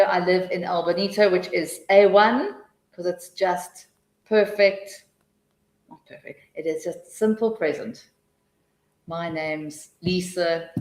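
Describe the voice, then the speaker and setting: A woman's voice: lowish voice, echoey room, poor audio. Woman teaching a chatty online webinar. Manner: chatty, restarts often, mutters asides to herself while switching slides. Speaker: webinar presenter, TEFL trainer.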